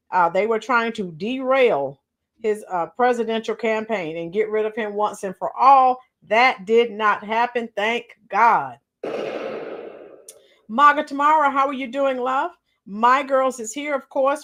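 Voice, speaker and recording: A woman hosting a casual political livestream, greeting viewers by name with frequent fillers and throat clearing. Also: on the high side, a bit bright. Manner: clears her throat often. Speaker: political commentary channel host.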